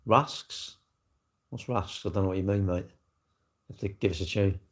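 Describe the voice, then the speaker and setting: A man's voice: deep voice, normal speed. An older man, hosting a casual livestream and chatting bluntly and jokily as he answers viewers' comments. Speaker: livestream host. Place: indoors, seated.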